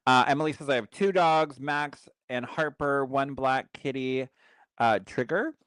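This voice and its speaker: A man with a smooth, resonant voice of middling pitch talks in a lively, chatty way as he co-hosts a podcast. He tells stories with animation and reads viewer comments aloud. The sound is dry and close. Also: unhurried, no echo. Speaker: psychic medium and co-host. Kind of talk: casual podcast chat.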